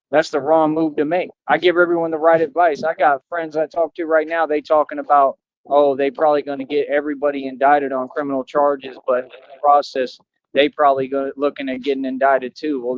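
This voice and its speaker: A man's voice: on the high side, muffled recording. A man ranting on a livestream, boastful and defiant, falling back on "like I said" again and again.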